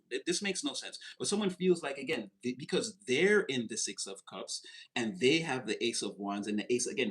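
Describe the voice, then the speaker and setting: A man's voice: on the high side, fairly bright tone, low-quality recording. A man giving a casual tarot reading who rambles, swears, laughs and gets heated. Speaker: tarot reader.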